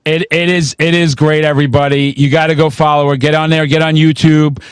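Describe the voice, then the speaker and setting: A man hosting a metal podcast, telling stories in a profane, excitable way and breaking into shouts. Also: on the high side, brisk, clean tone, no echo. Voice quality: profane, excitable storyteller, swears constantly. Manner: bursts into shouting mid-story. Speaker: podcast host. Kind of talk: casual interview chat.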